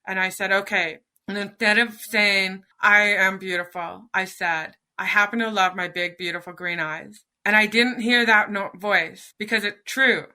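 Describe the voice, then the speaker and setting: A woman's voice: mid-range voice, fairly even intonation, normal speed, hardly any pauses, pushed and bright. A middle-aged woman, a podcast guest, earnestly telling a personal story and acting out her own inner dialogue.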